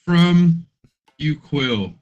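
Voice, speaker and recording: A man voicing a reserved male hero who speaks in a low, understated, slightly aloof way. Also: lively intonation, extremely slow, a little mellow, dull audio. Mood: dry.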